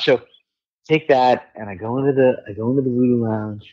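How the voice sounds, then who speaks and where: Male guest with a mid-range voice, lively, profane anecdote-teller who mimics others; dull recording. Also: medium pitch, a little fast, slightly rough. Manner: animated, swearing, acts out quoted voices. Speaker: guest musician. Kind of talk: casual storytelling chat.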